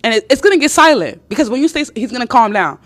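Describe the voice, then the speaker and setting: A woman hosting a live stream, giving casual dating advice to her viewers in an emphatic, animated way, repeating herself and swearing freely. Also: fairly high pitch, fast talker.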